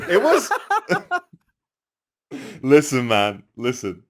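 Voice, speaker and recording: Animated young man telling stories. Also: medium pitch, extremely slow. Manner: animated storyteller, acts out quotes loudly. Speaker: podcast guest. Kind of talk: casual podcast chat.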